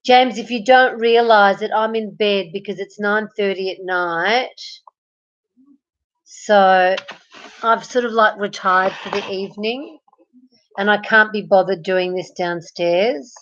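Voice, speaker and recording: A woman's voice: mid-range voice, fairly even intonation, takes it slowly, fairly bright tone, muffled recording. An Australian woman chatting on a live stream from her bed at night, greeting viewers and reading their comments aloud. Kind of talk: casual live-stream chat.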